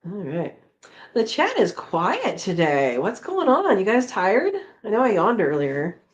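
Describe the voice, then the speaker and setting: A woman hosting a homesteading live chat, reading viewer comments aloud in a relaxed, chatty way, laughing often and trailing off with fillers. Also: mid-range voice, a little slow, lo-fi sound.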